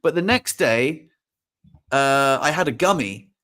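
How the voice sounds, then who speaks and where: A man's voice: mid-range voice, expressive, measured pace, bright, forceful tone. A young adult man telling a story in casual chat, rambling with restarts and acting out quotes. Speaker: podcast host.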